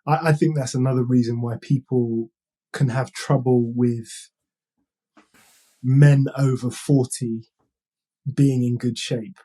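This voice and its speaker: A man hosting a casual interview, reasoning through his point in a measured way. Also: medium pitch, warm tone, husky. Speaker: host.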